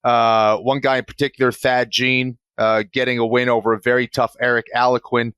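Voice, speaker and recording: Male podcast co-host from the Boston area, relaxed and upbeat, dry close-mic sound. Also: mid-range voice, a little fast, clean tone, no room sound, muffled recording. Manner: easygoing, enthusiastic. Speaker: podcast co-host, fight commentator. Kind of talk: casual podcast chat.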